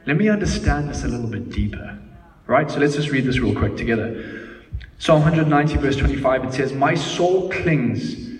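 A man in his thirties preaching a sermon, lively and laughing as he tells family stories. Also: mid-range voice, normal speed. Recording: echoey hall, mic at a distance.

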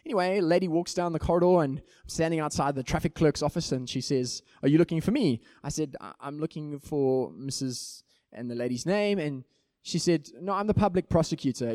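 A South African man preaching from the pulpit, a little higher-pitched than most men, spinning a lively anecdote and switching voices to act out each character. The sound is dry and close, with no room around it. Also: dry recording. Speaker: pastor. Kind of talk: storytelling sermon.

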